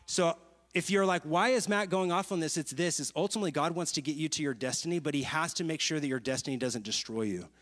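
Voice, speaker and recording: A man with a high, bright-toned voice preaches a lively sermon, trading stories and questions with his congregation. His voice rings out with a long reverb tail, as in a large church auditorium. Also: fast. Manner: lively, storytelling, asks the crowd questions. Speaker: pastor.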